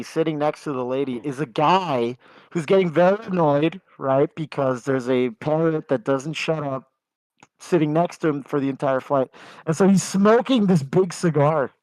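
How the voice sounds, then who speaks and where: A man's voice: on the high side, darkish tone, no echo, rough recording. A man co-hosting a gaming podcast, telling long jokes casually with lots of fillers. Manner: rambling storyteller with filler words. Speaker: podcast co-host.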